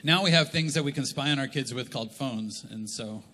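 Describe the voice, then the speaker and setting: A middle-aged Canadian man preaching a humorous sermon, telling stories and acting out quotes with animated delivery. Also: mid-range voice, a little fast, slight background noise. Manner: animated, jokey, acts out quotes. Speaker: pastor. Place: large church hall. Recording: live church hall reverb.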